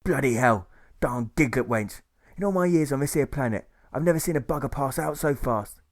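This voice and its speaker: A man's voice: fairly high pitch, expressive, normal speed, pitched above the performer's own voice. A man voicing a cruel, blustering middle-aged military police officer who hisses and barks angry orders in an audiobook. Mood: cursing. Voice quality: hissing, spitting.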